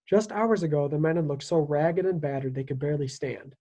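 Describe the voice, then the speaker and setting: A teacher reading a children's historical novel aloud with lively, expressive storytelling. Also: medium pitch, a little fast, hardly any pauses, dull audio.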